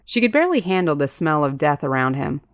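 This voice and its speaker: A woman narrates a first-person story as an audiobook reader, shifting into character voices for the dialogue and lifting her pitch to play them. Her pitch swings widely, her pace is quick, and the recording is dry.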